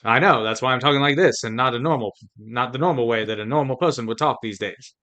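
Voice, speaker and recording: A man voicing a pompous, old-fashioned chauvinist gentleman with a put-on transatlantic accent, lofty and mock-serious. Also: mid-range voice, quick pace, close to an everyday voice. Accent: mid-Atlantic put-on accent.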